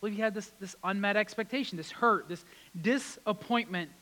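A man preaching a sermon, retelling scripture with lively acted-out quotes. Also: high voice, normal speed, rough recording. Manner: animated, acts out quotes with rising intensity. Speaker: pastor.

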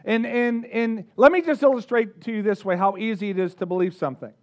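A man preaching a sermon, energetic, drawing the congregation in with questions and call-outs. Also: high voice, fairly quick, highs cut off. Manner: energetic, engages the audience with questions. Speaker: pastor.

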